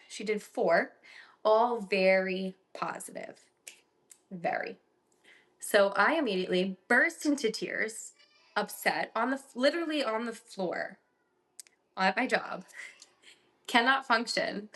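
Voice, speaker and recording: A woman's voice: mid-range voice, fairly bright tone. A young woman co-hosting a casual podcast, telling a personal story animatedly with lots of "like" fillers. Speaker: podcast co-host.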